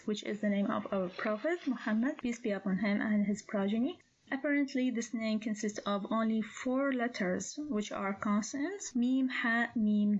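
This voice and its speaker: Patient woman teaching, dull lo-fi sound. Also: medium pitch. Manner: patient, spells out sounds and repeats words. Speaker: Arabic teacher. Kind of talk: slow instructional lesson.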